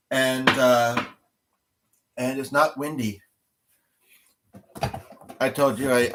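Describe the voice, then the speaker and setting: A man's voice: mid-range voice, background noise. A man hosting a livestream, chatting casually with viewers, rambling and thinking aloud as he goes. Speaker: livestream host.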